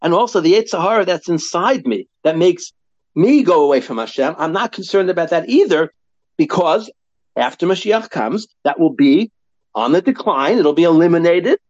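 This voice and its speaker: Man, Torah lecture, high animated voice, dry dull lo-fi recording. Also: moderate pace, no echo. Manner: animated, acts out quoted voices, asks and answers himself. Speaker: Torah teacher.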